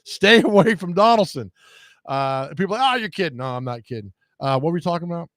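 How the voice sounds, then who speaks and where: A man's voice: mid-range voice, animated, very fast, fairly bright tone, dry recording, clean studio sound. A man hosting a radio show, telling rambling, jokey stories in casual chat.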